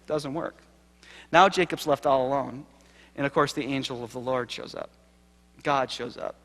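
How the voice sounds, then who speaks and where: A man giving a sermon-style keynote, telling a story with acted quotes and swinging from loud to hushed. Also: medium pitch, normal speed. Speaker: keynote speaker. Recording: live lecture hall reverb.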